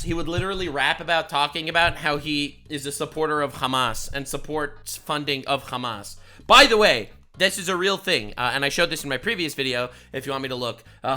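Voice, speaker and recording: A man with a slightly high voice rants sarcastically over political clips, breaking into loud, mocking outbursts.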